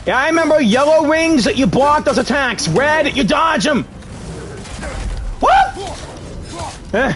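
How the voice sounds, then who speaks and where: A man giving live commentary as he plays a video game, yelling and reacting loudly. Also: very high voice, slow, long pauses, slight background noise. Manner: loud excitable yelling at the game. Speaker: gaming streamer. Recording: game music behind the voice.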